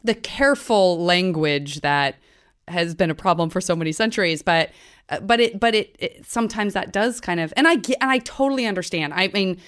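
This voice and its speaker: A woman's voice: fairly low pitch, animated, a little fast, fairly bright tone, clear, resonant tone. A woman from Tucson hosting a podcast, chatty and playful, acting out quoted voices in casual conversation. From Tucson, USA. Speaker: podcast host.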